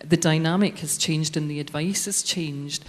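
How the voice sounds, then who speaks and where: A woman's voice: sits low, fairly even intonation, moderate pace. A woman speaking as a panellist in a debate, assured but often hesitating. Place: large hall. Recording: long hall reverb.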